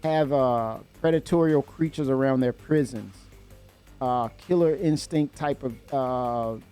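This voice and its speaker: A man hosting a livestream in casual chat, excitable and rambling, laughing often and filling pauses with "uh". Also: mid-range voice, clean tone, faint music behind. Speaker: livestream host.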